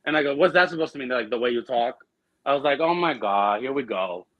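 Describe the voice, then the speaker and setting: A man with a Boston accent, chatting casually as a podcast guest and telling animated stories full of fillers. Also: mid-range voice, dry recording, highs cut off. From Argentina. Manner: animated, quick storytelling with lots of fillers. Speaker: drag performer guest.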